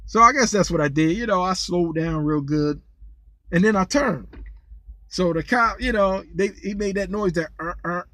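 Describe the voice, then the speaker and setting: A man with a slightly raised voice rambles through a casual vlog monologue and keeps restarting and repeating his words. He sounds lively and incredulous when he tells his stories. The recording is close and completely dry. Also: high voice, normal speed, no echo. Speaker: vlogger, former rideshare driver.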